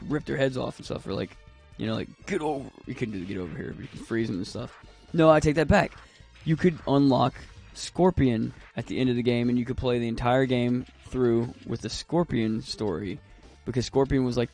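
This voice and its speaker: A man's voice: medium pitch, vocal fry, warm tone. A man chatting casually and rambling while he plays a video game on stream, laughing often. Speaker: gaming streamer. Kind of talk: casual chat while playing.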